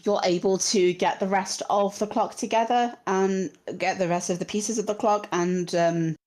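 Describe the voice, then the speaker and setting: A woman's voice: mid-range voice, steady tone, moderate pace, a little mellow, natural voice. A woman voicing a polite, genial male watchmaker who talks courteously and hesitantly, with many fillers.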